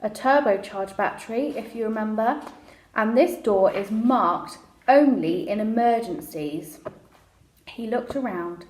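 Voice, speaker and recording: A woman reading a children's novel aloud chapter by chapter, in a relaxed, conversational way with small restarts. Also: fairly high pitch, measured pace. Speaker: storyteller. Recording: roomy echo.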